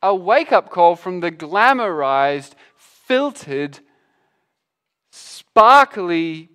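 Guy preaching a sermon in a church hall, higher voice, animated, acts out the lines in quick little voices. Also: smooth.

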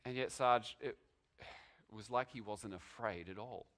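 A man's voice: lowish voice, unhurried, fairly bright tone. A man voicing a flustered male police officer who stammers while reporting a strange arrest to his sergeant. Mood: bewildered. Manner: stammering, bewildered retelling. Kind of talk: sermon storytelling in character.

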